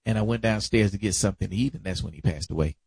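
A middle-aged man, recalling caring for a dying family member in a reflective, halting way. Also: on the low side, gravelly, a little mellow, breathy edge, no room sound. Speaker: family caregiver. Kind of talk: casual family conversation.

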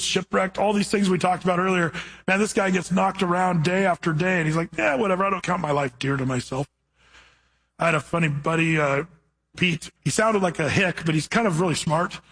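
A man preaching a sermon in a casual, storytelling way, reading scripture slowly and then chatting about it. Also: sits high, fairly bright tone, slightly rough. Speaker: pastor.

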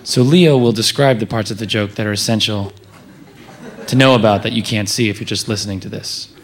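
A man's voice: fairly low pitch, brisk. Dry, hesitant male stand-up. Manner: dry, hesitant, self-deprecating. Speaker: stand-up comedian. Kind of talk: stand-up comedy set.

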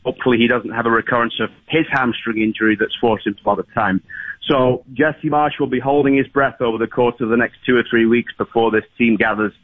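A man's voice: mid-range voice, fairly quick, no room sound. Male soccer analyst over a phone line.

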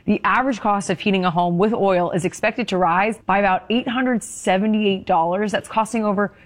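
Female correspondent, mid pitch, brisk factual read. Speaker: news correspondent. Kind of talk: news report.

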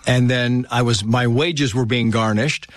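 A man's voice: medium pitch, fairly even intonation, measured pace, no echo, clean studio sound. A middle-aged man telling stories in a casual conversation, acting out the voices of the people he quotes.

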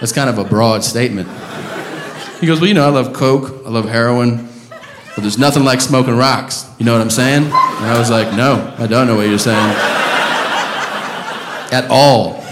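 A male stand-up comedian tells a long story on stage, loud and profane, with sudden shouted rants. The sound is roomy, with clear noise from the live club audience behind him. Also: medium pitch, moderate pace, pauses often. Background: audience laughter.

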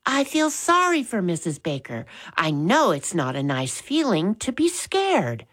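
A woman reading aloud gives voice to a kind storybook mother, calm and sympathetic. The voice sits a bit higher than her own and moves slowly with lively pitch. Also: exaggerated voice. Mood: gentle.

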